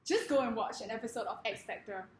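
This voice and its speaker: A woman giving a comedic presentation in a wry, deadpan manner. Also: on the high side, quick pace, echoey room, a crowd in the background.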